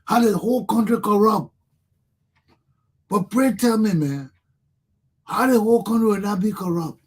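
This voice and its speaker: A talk show host with a Liberian English accent delivers impassioned political commentary to his listeners, repeating himself as he goes. His voice sits high, with a breathy edge, at a normal speed.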